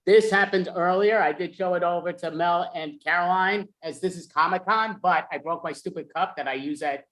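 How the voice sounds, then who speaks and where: Chatty guy organizing a show on a video call, bit of a high voice. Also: moderate pace, fairly bright tone. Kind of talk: casual chat.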